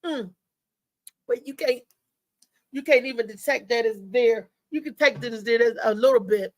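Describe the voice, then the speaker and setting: A woman's voice: on the high side, normal speed, a little mellow, no room sound, rough recording. A woman hosting a live show, chatting loosely and talking straight to her viewers. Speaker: host. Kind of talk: casual live show chat.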